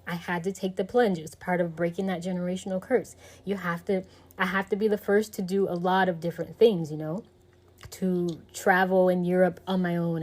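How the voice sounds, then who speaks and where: A woman's voice: on the low side, a little mellow. A woman hosting a casual podcast conversation, talking reflectively and meandering with many fillers. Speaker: podcast host.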